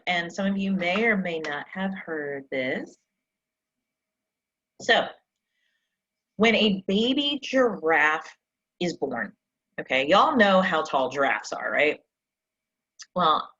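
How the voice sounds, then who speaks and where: A woman's voice: lowish voice, sing-song, takes it slowly, pauses often, sharp tone, lo-fi sound. A woman success coach giving an emphatic motivational coaching session, full of rhetorical questions, over a live stream mic.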